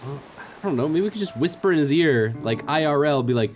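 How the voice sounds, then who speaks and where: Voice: medium pitch, lively intonation, a little fast, few pauses, soft background music. A let's-play host giving casual, jokey commentary and reading game dialogue aloud, laughing and swearing freely.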